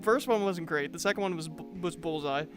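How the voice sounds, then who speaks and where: A young man in casual podcast chat, excitable and laughing often. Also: a little high, a little fast, music in the background. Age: young adult. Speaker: podcast co-host.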